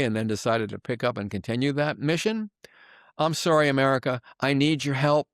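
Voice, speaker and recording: A man's voice: mid-range voice, fairly quick, no room sound. Brief: older male commentator, sarcastic and furious, dry close sound. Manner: angry, emphatic, sarcastic. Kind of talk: monologue political commentary.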